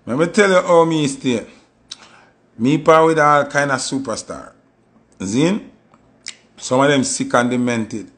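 A man with a Jamaican Patois accent, telling stories in a casual monologue and acting out quoted voices with sudden high jumps. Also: fairly bright tone. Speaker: commentator.

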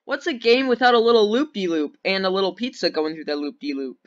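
A young man giving casual, rambling commentary over gameplay, easily excited and giggly. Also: sits high, fast. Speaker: gaming video host. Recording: dull lo-fi sound.

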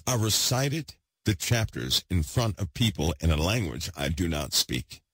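A low-voiced, husky man preaching with real fire, his pitch leaping all over as he works himself up. He hammers points home by repeating them, then drops into quieter asides. The sound is close and dry. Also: a little slow, no echo. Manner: excitable, swings loud and then hushed, repeats himself for emphasis. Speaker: podcast host preaching. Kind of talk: impassioned preaching.

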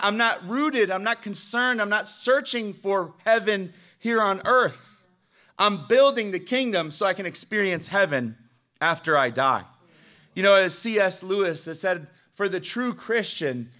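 High, bright-voiced preacher man. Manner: emphatic, calls for amens from the congregation. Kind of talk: sermon. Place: church sanctuary.

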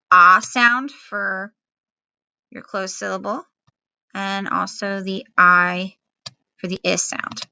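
A woman teacher walks young children through a phonics lesson at home, sounding out each letter with slow, patient care. Her voice is very bright and clear. The recording is dry and close, with no room sound. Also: mid-range voice, no room sound.

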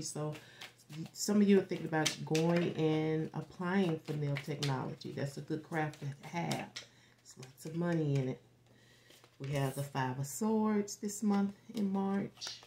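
A woman with a fairly low voice reads tarot cards for her viewers in a loose, rambling way. She swears freely and slips into whispers as she senses the reading, then picks back up. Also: background noise. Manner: rambling, animated, swears freely, acts out quoted reactions. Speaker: tarot reader. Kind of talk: casual tarot forecast.

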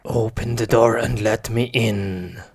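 A man's voice: fairly low pitch, fairly even intonation, takes it slowly, creaky, very noisy. A man voicing a pushy, impatient male wolf in an amateur animation, taunting and sighing as he threatens.

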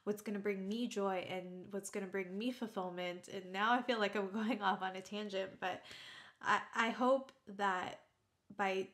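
A woman's voice: medium pitch, fairly even intonation, a bit bright. Earnest woman vlogger talking from the heart. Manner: earnest, reflective, halting with restarts. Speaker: YouTuber. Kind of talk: heartfelt talk to camera.

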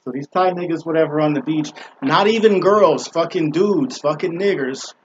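Recorded muffled with slight background noise, a man with a somewhat high voice talks at a moderate pace on a small balcony. He rambles through a relaxed, profane story full of fillers.

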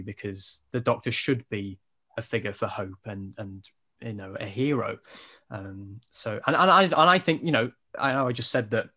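Enthusiastic male guest in a casual interview, mid-pitched. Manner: enthusiastic, talks warmly. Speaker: online content creator guest.

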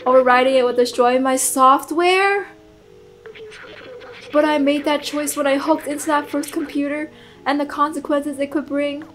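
A woman's voice: sits high, fairly even intonation, normal speed, a bit bright, faint music behind, poor audio. A woman reading as a loyal little robot drone. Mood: solemn. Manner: reading on-screen dialogue in her own voice. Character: small loyal robot drone companion, self-sacrificing. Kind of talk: reading game subtitles aloud.

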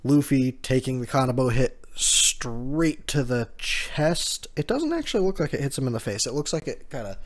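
A man's voice: medium pitch, expressive, moderate pace, few pauses. A man hosting a casual manga chapter recap, talking in a hesitant way with many fillers while he reads out quotes. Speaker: manga chapter reaction host.

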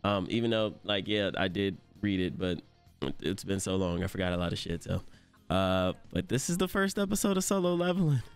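A young man hosting an anime reaction video, talking in excitable, slangy, profane bursts, often laughing and yelling. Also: low voice, a little fast, clean tone, faint music behind. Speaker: anime reaction channel host.

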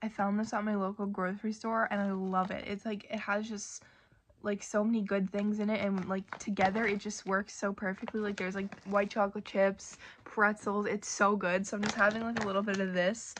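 A woman's voice: medium pitch, little pitch movement, moderate pace, slight background noise. A young woman chatting casually in a vlog, rambling with lots of fillers like "like" and "um". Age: young adult. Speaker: vlogger.

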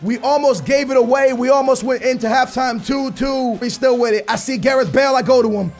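A young man doing loud, slangy live commentary over a football video game, his voice strained from shouting. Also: very high voice, fairly quick, faint music behind. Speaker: gaming YouTuber.

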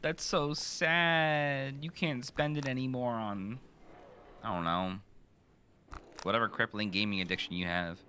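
A young man playing a horror game, joking, swearing and reacting loudly in casual commentary. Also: on the low side, moderate pace, pauses often, a little hiss or hum. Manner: joking, profane, loud reactions. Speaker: gaming streamer. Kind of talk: casual let's-play commentary.

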